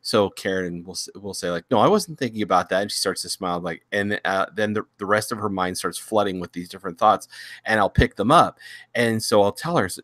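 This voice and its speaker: Low-voiced middle-aged man rambling. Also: brisk, a bit bright, dry recording. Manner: rambling, many restarts, chuckling. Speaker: host. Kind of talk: casual chat.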